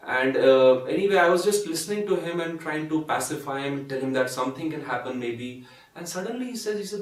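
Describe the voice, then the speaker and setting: A gentle Indian English man gives a spiritual talk in a story-telling way, slipping into the voices of the people he quotes. His voice sits a little high for a man. It sounds echoey and comes from a fair way off the mic. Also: lively intonation, fairly quick, far from the mic. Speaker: spiritual speaker and doctor. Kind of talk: talk with stories.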